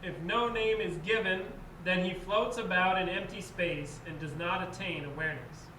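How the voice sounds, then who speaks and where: Man, high-ish voice, careful recitation, off-mic with room echo and background noise. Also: moderate pace, bright, forceful tone. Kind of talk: reading a quote aloud. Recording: distant, echoey, noisy room.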